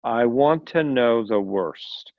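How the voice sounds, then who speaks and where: A man reading the part of a quiet, composed foreign woman who is tall and pale, in a story reading. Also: on the high side, expressive, a little slow, dry recording. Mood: cold. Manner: quiet, composed, then intense. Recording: dull lo-fi recording.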